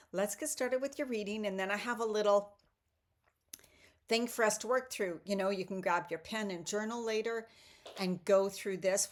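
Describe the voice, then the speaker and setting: Chatty woman giving a tarot reading. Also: medium pitch. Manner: warm, chatty, slows into soothing guided breathing. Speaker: spiritual vlogger doing tarot readings. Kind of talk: casual morning talk and guided meditation.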